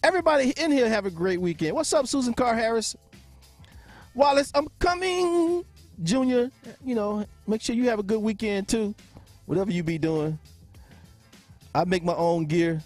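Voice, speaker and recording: A man with a high-pitched voice hosts a sports podcast in loose live-stream chat, cracking jokes and laughing often. He calls out viewers by name. Faint music plays in the background. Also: a little fast, a little mellow. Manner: joking, laughs often, greets chatters by name.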